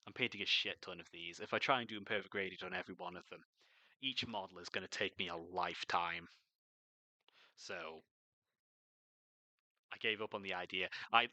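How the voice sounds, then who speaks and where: A man's voice: lowish voice, pushed and bright, smooth, no echo. A young man chatting casually and swearing freely as he paints miniatures on a stream. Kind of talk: casual chat while painting.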